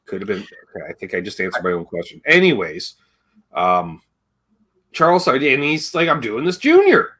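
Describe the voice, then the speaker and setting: A man's voice: sits low, sing-song, moderate pace, sharp tone. A man hosting a casual livestream chat, rambling and joking and reading viewer comments aloud as he talks. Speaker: livestream host.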